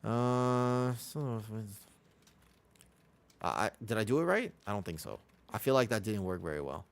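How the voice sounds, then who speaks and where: American man, game streamer, casual chatty talk, animated pitch. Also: unhurried, gravelly, clear, resonant tone. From Los Angeles, USA. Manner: chatty, reads viewer questions aloud and answers casually. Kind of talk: live-stream game commentary.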